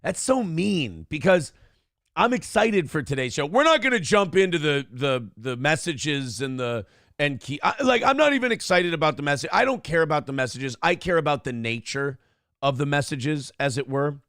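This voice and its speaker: Gravelly profane man hosting a morning show. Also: on the high side, normal speed, no room sound, clean studio sound. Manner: profane, animated, self-deprecating. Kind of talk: casual podcast rant and chat. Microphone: headphones and clamp-mounted desk microphone.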